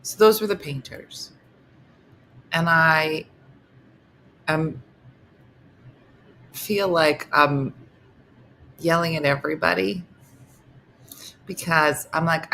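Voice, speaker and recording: Middle-aged woman host, low bright voice, chatty and loose, reads comments aloud. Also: slow pace, gravelly, pauses often, slight background noise. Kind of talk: casual livestream chat.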